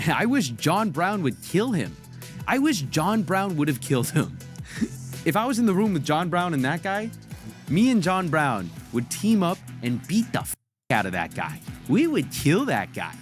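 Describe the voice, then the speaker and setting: A man's voice: a little high, big pitch swings, a little slow, soft background music. A man in a joking, over-the-top rant, laughing as he goes.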